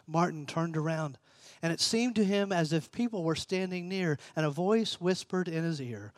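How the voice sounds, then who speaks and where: A pastor reading a story aloud and preaching a sermon, measured and earnest, slowing and softening for emphasis. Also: male voice, fairly high pitch, no echo.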